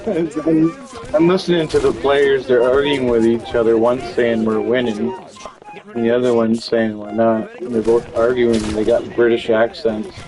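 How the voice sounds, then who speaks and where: A man's voice: mid-range voice, level tone, normal speed, poor audio. Rambling man chatting while gaming. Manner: rambling, swears often, frequent fillers and restarts. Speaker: gaming channel host. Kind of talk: casual chat while playing a game.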